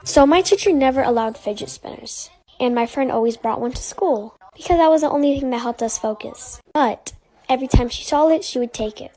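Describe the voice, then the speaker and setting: A woman's voice: high-pitched, a little fast, mellow, soft background music, rough recording. A woman telling a casual storytime in an earnest, plain way.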